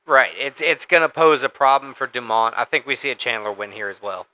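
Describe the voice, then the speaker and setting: Bright-voiced man chatting fight picks. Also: medium pitch, fairly quick, poor audio. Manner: conversational, hesitant with fillers and restarts. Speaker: podcast co-host. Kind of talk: casual sports podcast chat.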